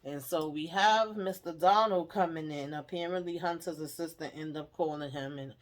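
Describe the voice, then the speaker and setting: A woman's voice: sits low, normal speed. A woman hosting a casual TV episode recap, chatty and emphatic, often tagging on "okay?" and "you know". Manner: laughs while retelling. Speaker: TV recap host.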